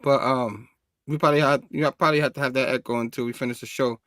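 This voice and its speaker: A man co-hosting a comic review show, relaxed and chuckling, with many fillers, over a video call. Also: mid-range voice, quick pace, dry recording, studio quality. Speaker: comic book show co-host. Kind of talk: casual review chat.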